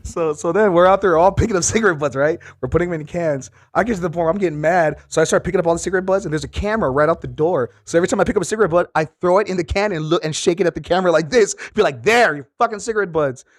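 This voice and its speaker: A man in a band rattles through a funny anecdote in a high, fast voice. He is animated and casual, dropping swear words as he laughs through the story. The sound is close and dry, with no room echo. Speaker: band member.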